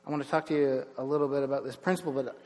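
A middle-aged man preaching a sermon as pastor, telling stories with lively bursts of emphasis. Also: mid-range voice, racing, long reverb tail. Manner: storytelling, animated with bursts of emphasis. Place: church sanctuary.

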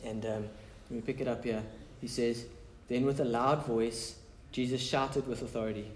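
A man's voice: mid-range voice, steady tone, normal speed, hardly any pauses, roomy sound, slight background noise. A man preaching a casual, conversational sermon as pastor, mixing prayer, scripture reading and chatty asides.

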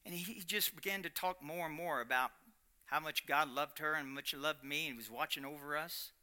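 A middle-aged man preaching a personal testimony in a storytelling sermon style, swinging between loud animated stretches and hushed quiet ones. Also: a little high, brisk.

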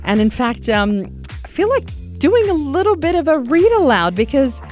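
A woman's voice: sits high, sing-song, moderate pace, darkish tone, faint music behind. A woman hosting a radio show from a studio, bubbly and upbeat with frequent laughs. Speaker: radio host. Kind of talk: casual radio talk.

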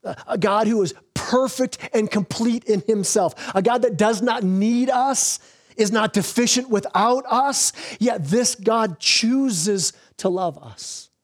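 A man pastor preaching a sermon, earnest, slowing down on key words and often restarting phrases. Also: high-pitched. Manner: earnest preaching with repeated restarts, slows for emphasis.

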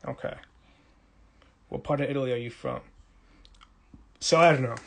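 A man's voice: mid-range voice, moderate pace, gravelly. A young man from Brooklyn, casually hosting a livestream, reading the chat and teasing viewers playfully. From Brooklyn, New York.

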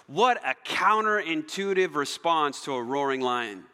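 A male pastor preaching a sermon, telling stories dramatically and swinging between loud emphasis and near-whispers. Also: on the high side, measured pace, smooth. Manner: animated, dramatic storytelling with shifts between loud and soft. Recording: long hall reverb.

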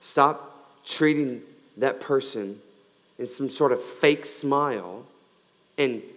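A male pastor giving a sermon, swinging between loud emphatic lines and quiet, slowed-down ones. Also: medium pitch, long reverb tail.

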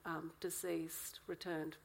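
A woman, a co-author, explaining history in a lively conversational interview. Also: sits low, slow, vocal fry, slight background noise, poor audio.

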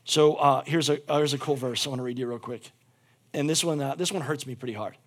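A man preaching a sermon as pastor, moving between shouted fervor and quiet, intimate appeals, with phrases repeated for emphasis. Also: medium pitch, quick pace.

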